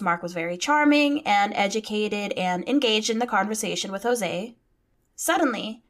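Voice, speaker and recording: A woman's voice: mid-range voice, fairly bright tone. A woman hosting a podcast, telling a true-crime story in a chatty way, swearing casually and reading out quotes. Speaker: podcast host.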